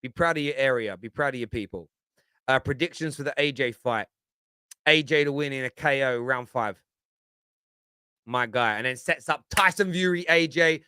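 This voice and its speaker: A man's voice: mid-range voice, moderate pace, pushed and bright, smooth, no room sound. A man talking football in a casual, opinionated and rambling way, often restarting and asking "you know what I mean". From Britain. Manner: rambling, repeats words, lots of 'do you know what I mean'. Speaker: football pundit on a fan show.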